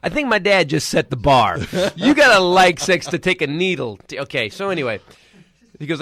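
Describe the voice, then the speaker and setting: A man, a comedian guest in a radio studio, telling a story with animated delivery and loud acted-out outbursts. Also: a little high, a little fast, no echo.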